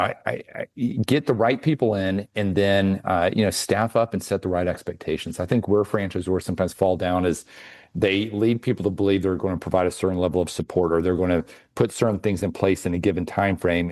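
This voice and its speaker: A man with a low voice speaks as a consultant on an interview podcast. His advice comes in a steady, measured way. The sound is dry and close to the mic. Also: dry recording. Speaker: franchise consultant guest.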